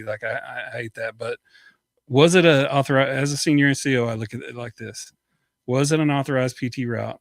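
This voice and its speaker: A male veteran co-host who talks things through slowly, with frequent restarts. His voice sits at an ordinary pitch in a dry, close recording. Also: fairly bright tone, no echo. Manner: reflective, hesitant, many restarts. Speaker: podcast co-host, retired senior NCO. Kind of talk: casual chat.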